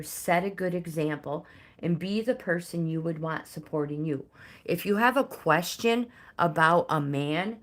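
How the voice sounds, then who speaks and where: An older woman hosts a relaxed tarot reading on a home livestream. Her voice sits a little low, and she talks very slowly, pausing often and filling the gaps with ums. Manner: slow, halting, with pauses and fillers. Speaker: tarot reader and livestream host. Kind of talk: casual livestream card reading.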